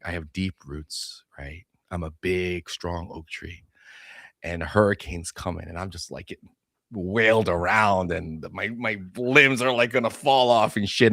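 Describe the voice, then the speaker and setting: A man who is a guest on a podcast, telling profane, animated stories in casual chat. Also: lowish voice, dry recording, studio quality. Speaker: guest, sales consultant for chiropractors.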